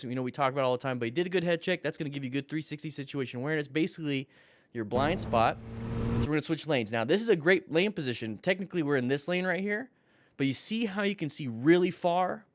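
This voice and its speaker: A man teaching a live-streamed motorcycle class, joking with viewers and coaching in an upbeat way. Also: medium pitch. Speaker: motorcycle riding instructor. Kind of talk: live-streamed class reviewing riding videos.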